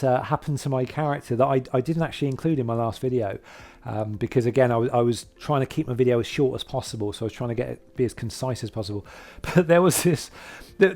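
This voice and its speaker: A man's voice: medium pitch, warm tone. A man talking casually to camera, rambling and hesitant, with lots of fillers and restarts. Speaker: vlogger describing his hobby.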